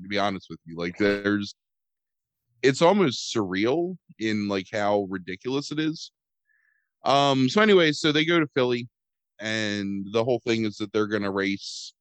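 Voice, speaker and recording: In a dry recording, a man with a voice on the low side chats casually as a podcast host about a movie. He rambles sarcastically, swearing and filling gaps with "um" and "like."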